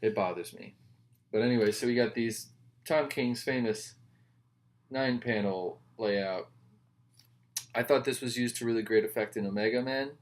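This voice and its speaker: A man's voice: mid-range voice, normal speed, pauses often, slight background noise. A man reviewing comic books in casual chat, rambling with wry, joking asides.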